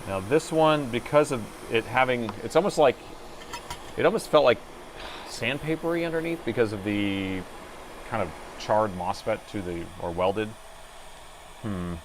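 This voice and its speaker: Working at his indoor repair bench during a live stream, a middle-aged man keeps up casual, chatty commentary, thinking out loud and muttering as he goes. His voice is lowish and a touch slow, with a little hiss or hum in the recording.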